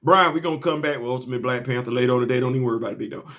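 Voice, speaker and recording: High bright animated male comic reviewer. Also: moderate pace, slight background noise. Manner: animated, laughing, stammering restarts, slangy. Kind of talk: excited casual review monologue.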